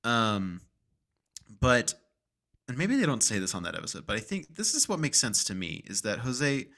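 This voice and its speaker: A man's voice: mid-range voice, sing-song, normal speed, a bit bright. A man co-hosting a podcast, chatting casually and playfully, from Utah. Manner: playful, jokey banter. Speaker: podcast co-host. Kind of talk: casual chat.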